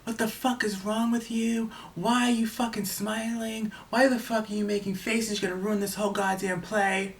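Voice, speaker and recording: A man's voice: flat delivery, normal speed, few pauses, distant mic. A man putting on a shrieking furious woman director. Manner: shrill profane yelling. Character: furious screaming female theater director.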